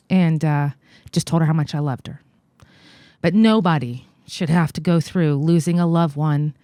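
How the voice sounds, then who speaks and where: An American woman in her forties, a guest in an interview, telling a personal story in a halting, earnest way with many fillers. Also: sits low, dark tone, no room sound, studio quality. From United States. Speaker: guest, congressional candidate.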